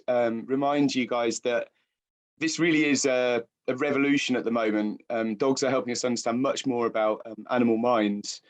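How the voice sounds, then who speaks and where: A British man with a croaky voice giving a public lecture as guest speaker, hesitant with many fillers and restarts. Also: medium pitch. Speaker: guest speaker, science writer.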